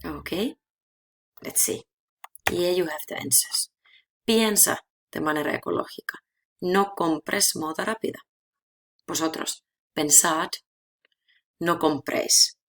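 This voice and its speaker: Her voice on the low side yet fairly bright, a Spanish teacher walks viewers patiently through grammar rules in a language lesson. Example words get repeated slowly, and she checks in frequently with an "okay?"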